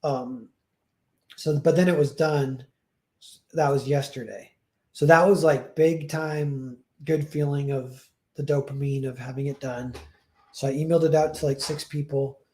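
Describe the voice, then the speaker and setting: A man's voice: mid-range voice, fairly even intonation, a little slow, darkish tone, reverberant. A young man chatting casually on a livestream, rambling and self-deprecating, acting out quoted dialogue as he tells stories. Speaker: streamer and comic artist.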